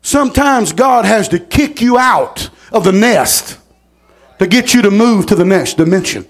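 A middle-aged man, preaching a sermon in a folksy storytelling manner, repeating words and rising to shouts. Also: high voice, expressive, a little slow.

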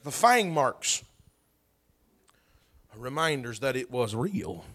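A man preaching a sermon, telling a story with animation, bursts of shouting and laughter. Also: mid-range voice, big pitch swings, slow pace.

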